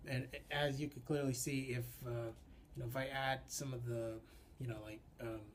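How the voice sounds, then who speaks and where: A young adult man, a puppeteer and voice actor, explaining his craft informally and haltingly, often restarting his sentences. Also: mid-range voice, level tone, a little hiss or hum. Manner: halting, restarts sentences, frequent filler sounds.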